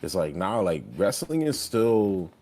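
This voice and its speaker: A man's voice: on the low side, big pitch swings, unhurried, dark tone. A young man co-hosting a podcast in casual, profane chat, rambling and getting heated when riled up. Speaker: podcast co-host and streamer.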